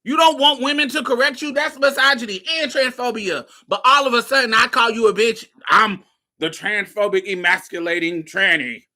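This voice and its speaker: A woman's voice: a little high, moderate pace, sharp tone. A woman hosting a casual talk show, telling a story to her listeners in a blunt, profane way and laughing often. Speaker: host.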